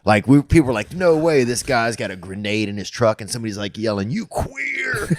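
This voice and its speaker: Man, podcast host, 30s, casual rambling storytelling, slangy, lowish voice. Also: quick pace, a little hiss or hum. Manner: rambling, slangy, peppered with "bro" and "dude".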